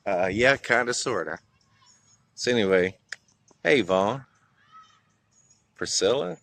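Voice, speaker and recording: Chatty Southern man, lower voice. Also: animated, a little slow, long pauses, a bit bright. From southern US (North Carolina). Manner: chatty, greets viewers by name, reminisces, laughs often. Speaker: livestream vlogger. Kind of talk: casual live-stream chat outdoors. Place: outdoors in a small town.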